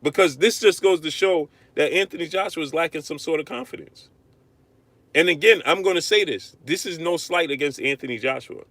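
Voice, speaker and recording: A man hosting a live-stream boxing rant, arguing hard, repeating himself and shouting out viewers. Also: on the high side, a little fast, no echo. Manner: animated, repetitive, argumentative, shouting out viewers. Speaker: livestream host.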